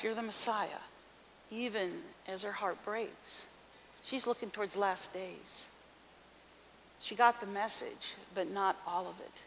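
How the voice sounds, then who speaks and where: A woman pastor reading scripture and preaching a sermon in an expressive voice, asking the congregation questions. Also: mid-range voice. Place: church sanctuary. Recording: reverberant hall with faint hiss.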